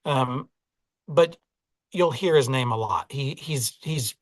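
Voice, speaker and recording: A man's voice: mid-range voice, takes it slowly, dry recording. A man with a Southern US accent, an audiobook narrator talking casually and reflectively in an interview, often hedging with "like" and "you know.". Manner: reflective, self-deprecating, many "like" and "you know".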